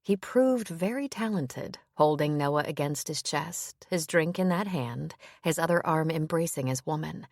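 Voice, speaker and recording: Low, gravelly woman narrating. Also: unhurried, hardly any pauses, darkish tone, dry recording, clean studio sound. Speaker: audiobook narrator. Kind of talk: scripted narration.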